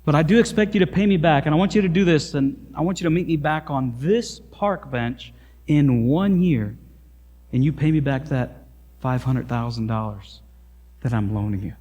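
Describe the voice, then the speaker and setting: A man voicing a calm older gentleman in a sermon story, speaking in a reassuring way. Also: on the high side, normal speed, long reverb tail, lightly acted.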